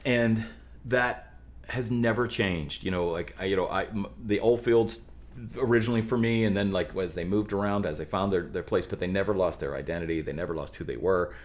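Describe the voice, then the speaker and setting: Deep-voiced man, animated band storyteller. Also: brisk. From Pittsburgh area, USA. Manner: animated storytelling, rambling restarts. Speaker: podcast guest, musician. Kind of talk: casual chat.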